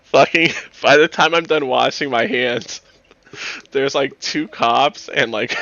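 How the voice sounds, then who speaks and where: A man's voice: medium pitch, slow, vocal fry, fairly bright tone, dry recording, muffled recording. A young man chatting casually before a tabletop game session, telling a swear-filled story through frequent laughter over voice chat. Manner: profane, laughing anecdote-teller.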